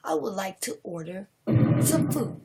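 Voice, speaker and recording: A woman's voice: medium pitch, very animated, unhurried, creaky, background noise. A woman voicing an arrogant, demanding rich businessman in a told horror story, bossy and impatient.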